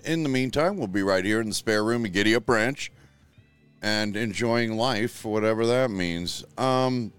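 A man's voice: lowish voice, clean tone. A middle-aged man hosting a show from a spare room at home, talking in a blunt, rambling, profane way. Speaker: show host. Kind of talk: casual livestream talk.

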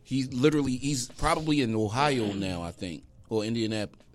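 A man's voice: mid-range voice, brisk. Laid-back slangy male co-host. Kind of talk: casual chat.

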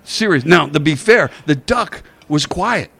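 A man's voice: fairly high pitch, unhurried, vocal fry, slightly rough. A man telling a funny travel story in casual chat, laughing often and restarting his sentences. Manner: animated, laughing, lots of restarts.

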